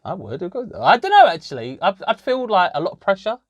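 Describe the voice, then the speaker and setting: A man's voice: high-pitched, huge pitch swings, fast, dry recording. A man co-hosting a podcast, chatting casually, teasing with hypotheticals and laughing often. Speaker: podcast co-host. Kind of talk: casual chat.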